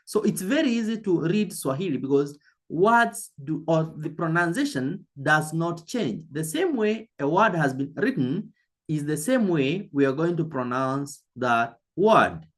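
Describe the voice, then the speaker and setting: A woman teaching an online language lesson, speaking slowly and deliberately, repeating key words and addressing the learner directly. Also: low-pitched, big pitch swings.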